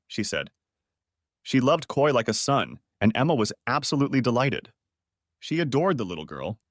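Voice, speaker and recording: Man narrating an audiobook, lively delivery. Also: mid-range voice, moderate pace, dry recording, studio quality. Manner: first-person storytelling.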